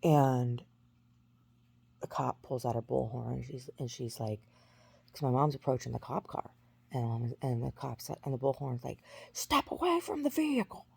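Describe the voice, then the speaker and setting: A woman's voice: rumbling low, steady tone, moderate pace, vocal fry, dark tone, slightly rough. A woman in her forties talking through a rambling personal story, full of restarts and fillers. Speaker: vlogger. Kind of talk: casual storytelling monologue.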